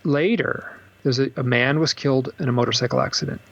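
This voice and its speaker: A man with a gravelly, husky voice tells stories in an interview, and his pitch jumps up when he acts out what people said. The recording sounds dull and slightly lo-fi. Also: brisk. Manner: animated storyteller, acts out quotes with bursts of high pitch. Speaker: author and guest. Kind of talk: storytelling in a podcast interview.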